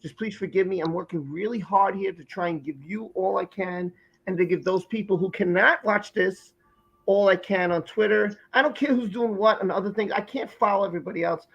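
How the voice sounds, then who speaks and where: A man's voice: sits high, a little fast, creaky, fairly bright tone, husky, lo-fi sound. A man with a Brooklyn accent hosting a live stream chat, talking emphatically and effusively, often repeating himself. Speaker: host.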